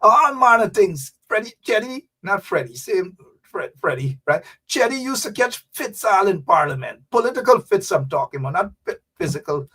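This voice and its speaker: A man's voice: high voice, sing-song, moderate pace, pushed and bright, slightly rough, distant mic. A man hosting fiery, mocking political commentary, talking straight to his audience. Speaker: host.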